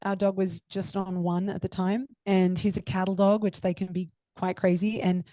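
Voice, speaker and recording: A woman's voice: mid-range voice, little pitch movement, normal speed, warm tone, dry recording. Effusive young woman, candid storytelling. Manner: emotional, effusive, many fillers. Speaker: podcast guest.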